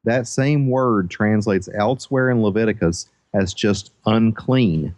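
A man who is the show's biblical scholar, explaining things in a measured way with some hesitation. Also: fairly low pitch, darkish tone, no room sound. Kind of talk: casual podcast discussion.

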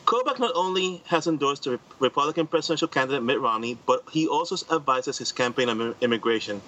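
A man's voice: medium pitch, lively intonation, fast talker, fairly bright tone, highs cut off, a little hiss or hum. A man co-hosting a comedy podcast, reading news stories aloud and tripping over words now and then.

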